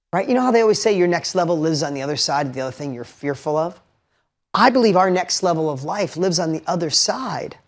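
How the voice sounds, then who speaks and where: A middle-aged man giving a motivational talk to a live audience, emphatic, repeating key lines and putting questions to the listeners. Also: sits high. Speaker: motivational speaker.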